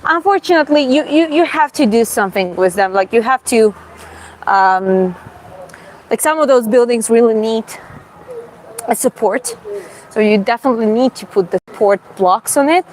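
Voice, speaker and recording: A young woman from Georgia with a Georgian accent gives a casual live-streamed walking tour, talking haltingly with many fillers and restarts. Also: a little high, lively intonation. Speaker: vlogger giving a city walking tour. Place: outdoors on a city street. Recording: faint street traffic behind.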